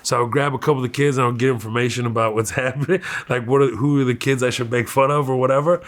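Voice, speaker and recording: A man with a Houston Texan accent telling stories from his youth in a candid interview, animated and laughing often. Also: medium pitch, racing. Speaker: comedian guest.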